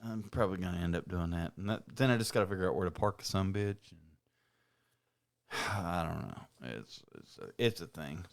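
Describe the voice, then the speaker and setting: A man with a low, smooth voice co-hosts a podcast. He rambles through his plans in loose, profanity-laced chat. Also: fairly quick. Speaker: podcast co-host. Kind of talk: casual chat.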